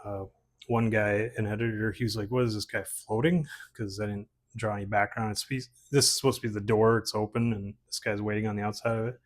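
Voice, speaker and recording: Low-ish guy rambling casually about his old art, lots of ums and restarts. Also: flat delivery, fast talker. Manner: rambling, many fillers and restarts, quotes critics in a raised voice. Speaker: comic artist showing his portfolio. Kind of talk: casual chat.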